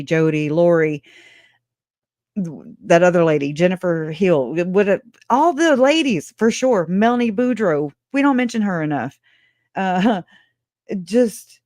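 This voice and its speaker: A woman hosting a true crime livestream talks in a loose, animated way. She is sarcastic, laughs a lot, and swears without holding back. Her voice sits close and dry, with no room sound around it. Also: fairly low pitch, no room sound. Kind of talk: casual livestream commentary.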